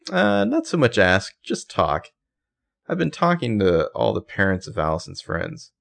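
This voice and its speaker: A man's voice: on the low side, wildly swooping pitch, a little slow, gravelly, fairly bright tone, heavily acted. A man voicing a stern female police lieutenant in a casual podcast role-play reading, questioning dryly and pointedly. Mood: probing.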